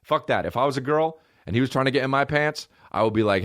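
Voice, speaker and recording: A man hosting a podcast, telling comedic stories in a profane, animated way and acting out the people he quotes. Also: medium pitch, fast, few pauses. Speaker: podcast host. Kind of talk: comedic storytelling.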